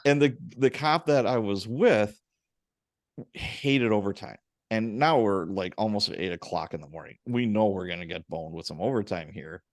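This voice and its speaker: Low-voiced man hosting a podcast. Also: moderate pace, dry recording, studio quality. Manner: animated storyteller, casual and profane. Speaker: podcast host, former police officer. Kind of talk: casual interview chat, storytelling.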